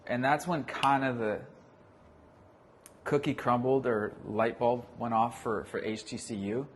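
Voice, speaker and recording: A man in casual business chat, animated and loose with swear words. His voice sits at an ordinary pitch, with a faint hiss of noise behind him. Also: unhurried. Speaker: vlogcast host, agency owner.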